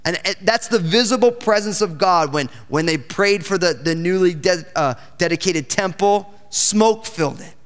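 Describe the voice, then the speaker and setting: Guy pastor preaching, higher voice, smooth and clear, big echo in the church. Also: normal speed, few pauses, fairly bright tone. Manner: expository preaching, reading scripture aloud and exclaiming. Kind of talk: sermon. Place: church sanctuary. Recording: church hall with long reverb.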